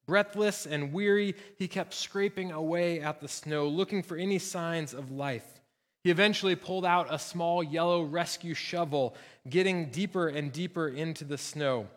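Male pastor, sermon, earnest storytelling, slightly high voice, long church reverb. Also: normal speed. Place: church sanctuary.

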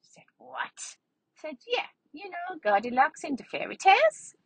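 A woman voicing a cheerful, chatty young female schnauzer dog, telling a story with a childlike, rambling, playful manner and a breathy voice. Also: high voice, sing-song, moderate pace, no room sound, poor audio. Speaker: vlog narrator in character. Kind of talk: storytelling in character.

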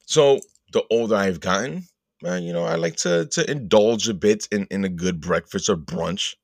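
A man hosting a podcast, telling a rambling, profane comic story and putting on quick voices for the people in it. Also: fairly low pitch, gravelly, no room sound, clean studio sound. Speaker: podcast host. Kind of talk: casual comedic storytelling.

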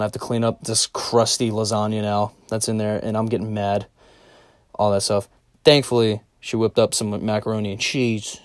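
A young man hosting a casual solo podcast, telling a story in a rambling, profane, animated way from a small closet. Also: fairly low pitch, no room sound, clean studio sound. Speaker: podcast host.

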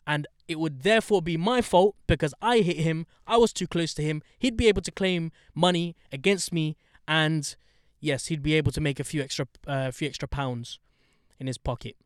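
A young man telling a story in casual chat, animated, swearing and getting heated as he talks. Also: normal speed, few pauses, dry recording, clean studio sound. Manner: animated storyteller, swears, gets heated and high when indignant.

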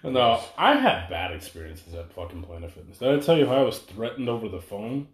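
Animated young guy swearing through a story. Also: medium pitch, a little fast. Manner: profane, animated storyteller acting out quotes. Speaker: podcast co-host. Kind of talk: casual chat. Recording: echoey room.

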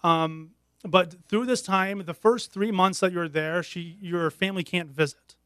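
Man, earnest, halting, higher-pitched voice, dry close sound. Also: fairly bright tone, smooth, no echo. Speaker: guest. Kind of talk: candid interview conversation.

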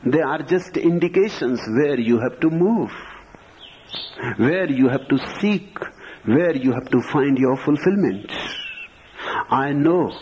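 A man giving a spiritual discourse to followers, speaking slowly with deliberate, emphatic pauses. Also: medium pitch, a little mellow. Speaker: spiritual teacher. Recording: muffled lo-fi recording, faint hiss.

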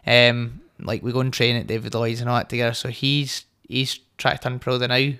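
A man's voice: medium pitch, flat delivery, brisk, bright, forceful tone, smooth. A young man with a Scottish accent, a guest boxer telling cocky stories with a laugh in casual podcast chat.

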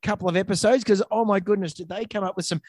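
A middle-aged man with an Australian accent, co-hosting a casual podcast with quick, jokey banter. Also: high-pitched, fairly even intonation, a little mellow, no room sound. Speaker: podcast co-host, vet. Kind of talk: casual chat.

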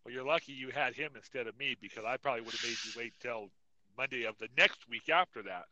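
A man's voice: mid-range voice, fast talker, sharp tone, dry recording, dull audio. A man on a casual podcast, cutting in with crude jokes and banter. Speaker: podcast co-host.

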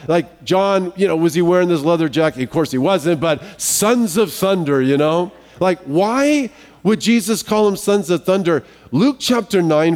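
A male pastor with a fairly high voice, preaching in a loose, chatty way, joking and restarting his sentences. His voice carries a long reverb, as if spoken from the stage of a big church hall. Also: a little mellow. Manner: conversational, joking asides, frequent restarts. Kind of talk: sermon.

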